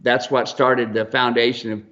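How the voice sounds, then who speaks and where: A man's voice: medium pitch, little pitch movement, moderate pace, fairly bright tone. A man who trains mules, telling rambling, folksy stories on a radio show. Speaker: mule trainer and ranch owner. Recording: dull lo-fi broadcast audio.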